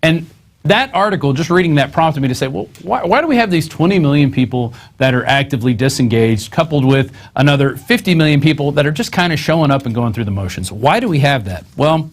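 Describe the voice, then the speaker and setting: A man's voice: a little high, lively intonation, quick pace. A man hosting a news show, reading articles aloud and adding sarcastic, conversational asides.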